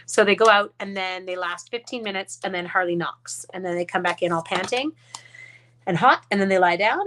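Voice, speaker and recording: A woman's voice: mid-range voice, fairly bright tone. Chatty woman demoing crafts on a live stream. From Canada. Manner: chatty, rambling, mutters under her breath; talks to her dogs mid-demo. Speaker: card-making demonstrator.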